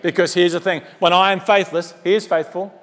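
A male pastor delivers a sermon in a high voice, talking to the congregation like friends and slipping in humorous asides. His words trail off into the long reverb of a large church auditorium. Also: a little fast. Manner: animated conversational preaching with humorous asides.

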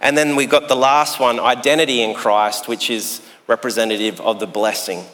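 A man's voice: mid-range voice, steady tone, a bit bright. Man, pastor, sermon, easygoing, humorous, ringing church-hall echo. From Australia. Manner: conversational and jokey, with long pauses. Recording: echoey hall sound.

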